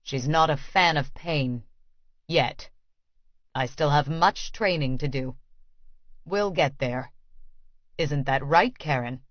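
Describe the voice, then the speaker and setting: A woman voices a controlling man whose voice is low, flat and utterly calm. He speaks slowly, every word an order. The sound is dry and slightly dull. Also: no echo. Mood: cold, commanding. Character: cold commanding man posing as a master.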